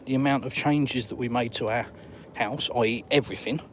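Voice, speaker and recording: A man's voice: medium pitch, fairly quick. Live streamer, male, southern English accent, mid-range voice, casual and dry-humored, faint outdoor noise. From England. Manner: chatty, blunt, dry humor. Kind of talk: casual live stream chat answering viewers. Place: outdoors by the coast.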